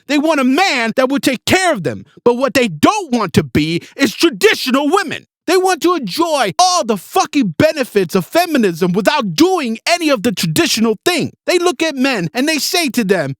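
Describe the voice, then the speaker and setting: A man's voice: extremely high pitch, a bit bright, no echo, clean studio sound. A man hosting a podcast, ranting through a blunt, heavily profane monologue. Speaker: podcast host.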